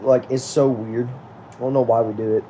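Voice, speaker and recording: An American man hosting a relaxed live stream, sounding tired and ready for bed. He talks in a chatty, rambling way, greets each viewer by name and keeps asking them to drop a comment. His voice sits at an ordinary mid pitch, with a faint hum of background noise. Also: moderate pace. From United States. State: tired, sleepy.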